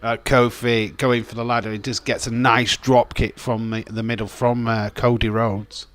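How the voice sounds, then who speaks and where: In a casual live stream, a young male host comments on a wrestling watch-along at a normal speed. His medium-pitched voice is a bit bright with little pitch movement, and he rambles, chats, swears, laughs, and reads chat messages aloud.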